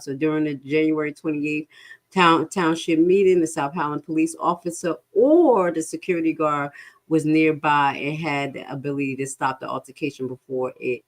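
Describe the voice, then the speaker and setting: A woman casually commenting live as she reads through a lawsuit, frank and animated, speaking straight to her viewers and swearing freely. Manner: animated, swings into high-pitched laughing outbursts and back to low reading.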